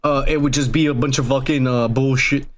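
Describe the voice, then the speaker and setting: A man's voice: medium pitch, steady tone, brisk, background noise. A young man hosting a podcast, joking and rambling with lots of profanity. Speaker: podcast host. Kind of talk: casual crude podcast banter.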